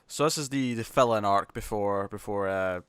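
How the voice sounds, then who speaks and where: A man co-hosting a casual comics podcast, chatty and quick to laugh, often restarting his sentences. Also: fairly low pitch, a bit bright, clear, resonant tone, dry recording. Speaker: podcast co-host.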